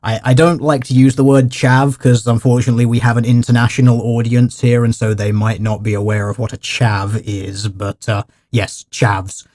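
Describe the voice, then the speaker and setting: A man holds forth to his livestream chat in a dry, mock-formal, sardonic tone. His voice sits at an ordinary middle pitch. He sounds like a commentator picking apart a clip for his viewers. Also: little pitch movement, normal speed, hardly any pauses, darkish tone. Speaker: livestream host.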